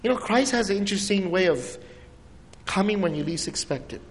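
A man preaching a sermon, telling stories with lively swings between soaring highs and hushed lows. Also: brisk. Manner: animated storytelling with dramatic pitch swings and soft drops. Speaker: pastor. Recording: long hall reverb.

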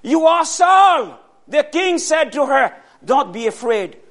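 Man, preacher, sermon, very high pitch, unhurried, asks questions, loud emphatic bursts. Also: big pitch swings.

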